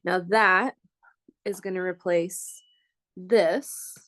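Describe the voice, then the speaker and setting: A woman's voice: fairly low pitch, fairly even intonation, extremely slow, fairly bright tone, no echo. A woman professor explaining algebra steps aloud as she writes them out, stopping now and then to check in with her students. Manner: thinks aloud while writing, checks in with listeners. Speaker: math professor. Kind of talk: lecture working problems on a board.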